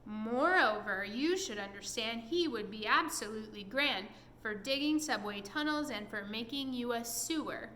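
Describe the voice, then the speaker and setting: A woman's voice: on the high side, lively intonation, moderate pace, hardly any pauses, pushed and bright, echoey room, slight background noise. A woman voicing a cheerful, friendly small boy in a storybook, reciting eagerly in a lilting way.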